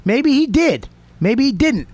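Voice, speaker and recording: A man hosting a podcast, telling a heated story in a profane, emphatic way that keeps swinging into shouting. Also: extremely high pitch, sing-song, unhurried, no room sound. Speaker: podcast host.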